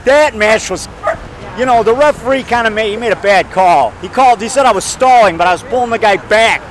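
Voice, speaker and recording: A man in his fifties rambling excitedly while walking down a town street, talking to camera and calling the viewer brother and man. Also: high voice, a little fast, slight background noise. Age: 50s. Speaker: filmmaker vlogging. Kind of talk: rambling outdoor vlog.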